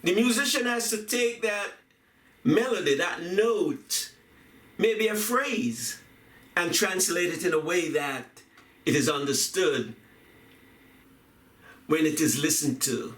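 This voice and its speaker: A man giving a reflective talk on poetry and music, speaking deliberately, repeating phrases and chanting rhythms aloud. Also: a little high, a bit bright. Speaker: video essayist on poetry and music. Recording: echoey room, voice from a distance.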